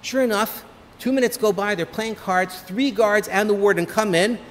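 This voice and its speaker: A man, a rabbi, giving an inspirational holiday talk full of lively, humorous stories. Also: high voice, normal speed, a little hiss or hum. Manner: animated, humorous storyteller. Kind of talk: motivational holiday talk with storytelling. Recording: long reverb of a hall.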